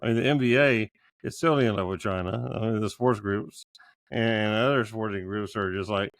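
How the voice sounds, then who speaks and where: A man's voice: fairly low pitch, normal speed, no echo. A man co-hosting a political podcast who argues heatedly and stumbles over repeated words when cut off. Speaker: podcast co-host.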